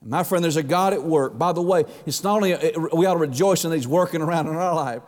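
A man preaching a sermon in a church. His pitch swings widely, he stretches words for emphasis, and he asks rhetorical questions. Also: fast, darkish tone. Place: church sanctuary. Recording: long hall reverb.

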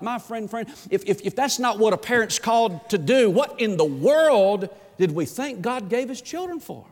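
A man preaching a sermon as pastor, impassioned and repeating words as he builds, then dropping to a hushed plea. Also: sits high, expressive, normal speed, few pauses, in a large hall.

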